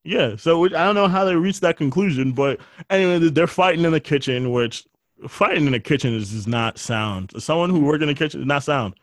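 A man's voice: on the high side, animated, a little fast, dry recording. Profane, jokey man on a dry mic. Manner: loose, profane, jokey retelling with quoted voices. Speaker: podcast co-host. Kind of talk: casual chat recapping movies.

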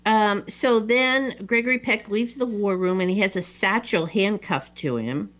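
A woman's voice: mid-range voice, measured pace, fairly bright tone. A woman host casually retelling a film plot, rambling with many ums and asides. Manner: rambling storyteller with many fillers. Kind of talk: casual movie recap.

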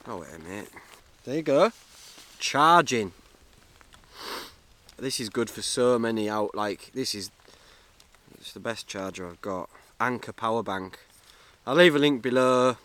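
A man's voice: lowish voice, fairly bright tone, a little hiss or hum. Chatty man rambling in a tent. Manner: jokey, chatty, self-mocking. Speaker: podcast host. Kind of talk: rambling solo podcast chat. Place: inside a tent, camping. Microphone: camera-mounted mic.

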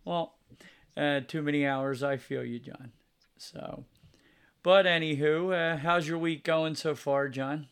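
A man's voice: fairly high pitch, steady tone, slow, fairly bright tone, smooth. A man hosting a podcast in a teasing, casual chat with his co-host. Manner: jokey, teasing, sings snippets.

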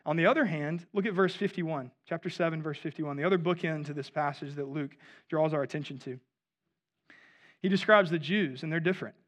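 Speaking briskly in a slightly high, fairly bright voice, a pastor in his thirties delivers a chatty sermon. He often turns to the audience with a quick "right?"

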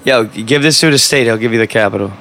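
A man hosting a podcast in casual banter, talking in an energetic, hype-man way. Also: medium pitch, fast. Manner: energetic, hypes up guests. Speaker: podcast host.

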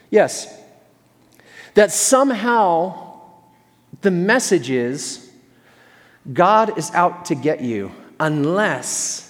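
A man's voice: on the high side, big-room sound. A male pastor giving a sermon in a conversational, storytelling way with self-deprecating humor.

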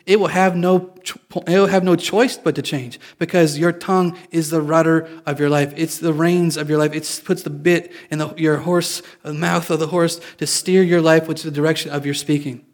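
Man, preacher, fairly high voice, chatty sermon, self-deprecating asides. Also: fairly even intonation, moderate pace, hardly any pauses. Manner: casual, confessional and joking with listeners. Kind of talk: conversational sermon.

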